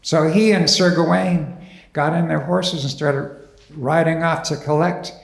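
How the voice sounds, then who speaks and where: A man storyteller performing a folktale live, animated and dramatic, in a church hall. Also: on the high side, a little slow, creaky.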